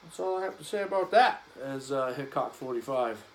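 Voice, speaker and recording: A man's voice: mid-range voice, animated, a little fast, low-quality recording. A man vlogging casually as he cleans a gun, rambling and joking in an offhand way.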